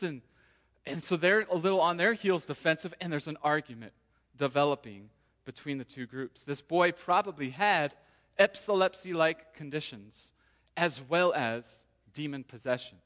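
A man preaching a sermon to his congregation in a relaxed, conversational way, sometimes voicing the people in the story. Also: fairly high pitch, moderate pace. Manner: conversational, acts out quoted voices. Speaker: pastor. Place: church sanctuary. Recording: long hall reverb.

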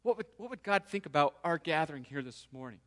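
A man preaching a sermon to his congregation in a relaxed, conversational way, sometimes voicing the people in the story. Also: fairly high pitch, fast talker. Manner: conversational, acts out quoted voices. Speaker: pastor. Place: church sanctuary. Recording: long hall reverb.

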